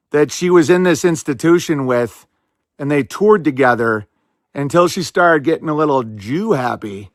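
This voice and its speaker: A man hosting a podcast, talking in casual, sarcastic commentary with quick bursts and lots of "like". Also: on the high side, fairly bright tone, dry recording, studio quality. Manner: rapid, sarcastic, fillers of "like". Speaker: podcast host.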